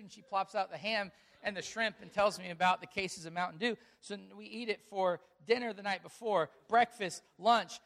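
A man with a notably high voice preaches a sermon, telling a family story with animated quoted dialogue before turning to scripture. An engaging storyteller, he talks fairly quickly with hardly any pauses.

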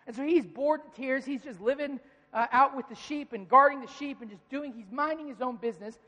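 A preacher retelling a story to a congregation in a playful, animated, conversational way. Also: sits high, a little fast. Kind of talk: storytelling sermon. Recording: reverberant hall.

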